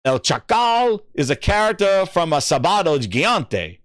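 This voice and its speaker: A man's voice: high voice, very animated, unhurried, fairly bright tone, dry recording, clean studio sound. A man hosting a gaming livestream, reading viewer comments in casual, profane, hype-driven banter. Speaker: gaming channel host.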